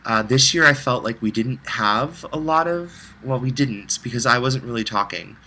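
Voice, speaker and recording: A man's voice: mid-range voice, normal speed, bright, forceful tone, rough recording. A man recording a heartfelt, rambling personal video message, close to tears at times.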